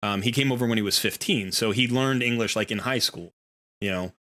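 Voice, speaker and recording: Bright, chatty middle-aged man. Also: lowish voice, brisk. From United States. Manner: rambling and chatty, many fillers and restarts. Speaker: streamer and host. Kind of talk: casual chat while gaming.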